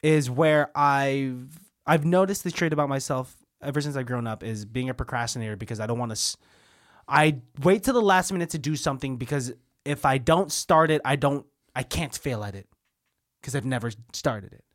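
A man's voice: mid-range voice, normal speed. Man, podcast host, casual chat, frank, self-mocking. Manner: candid, self-deprecating, swears casually.

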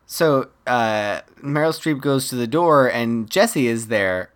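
Role: podcast co-host. Style: casual film-recap chat. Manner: animated storytelling, wry asides, easy laughter. Pitch: medium. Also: slow.

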